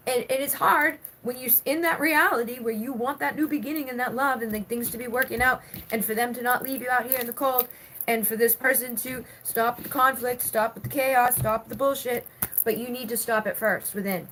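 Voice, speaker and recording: A woman's voice: fairly high pitch, fairly quick, fairly bright tone, slight background noise, low-quality recording. A woman doing a live-stream tarot reading, reading viewer comments aloud and talking through the cards in a chatty way with many fillers. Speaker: tarot reader.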